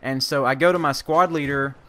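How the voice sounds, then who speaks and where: A man's voice: mid-range voice, steady tone, fairly quick, fairly bright tone. Rambling man telling an army story. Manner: rambling, many fillers and restarts; swears casually. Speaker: army veteran vlogger. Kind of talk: casual storytelling.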